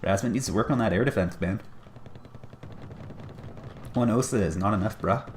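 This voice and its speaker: A man's voice: lowish voice, moderate pace, a little hiss or hum. A man casting a strategy game match with chatty, wry commentary and self-deprecating asides. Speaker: game caster.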